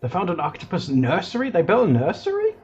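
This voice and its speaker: A man chatting on a live stream as he draws, rambling and excitable, with plenty of fillers. His voice is a little husky. The audio is dull and lo-fi, with soft music playing underneath. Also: sits high, fast. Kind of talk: casual live-stream chat while drawing.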